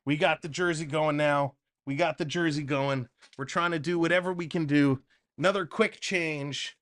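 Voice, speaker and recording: Here a man with a fairly high voice hosts a hockey livestream at a moderate pace. He calls the plays excitedly and, in between, chats with viewers by reading out their comments.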